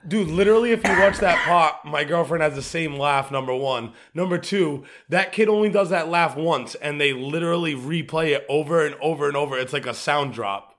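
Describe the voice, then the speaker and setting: A young man co-hosting a casual podcast, talking in a profane, animated way and breaking into movie-quote impressions. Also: fairly high pitch, brisk, few pauses. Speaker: podcast co-host.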